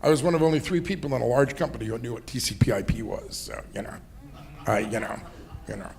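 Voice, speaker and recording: A man's voice: medium pitch, lively intonation, quick pace, creaky, darkish tone. A middle-aged man, an entrepreneur and investor, talking in a fireside chat, rambling through anecdotes with many "you know"s and laughs. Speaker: entrepreneur and investor, interview guest.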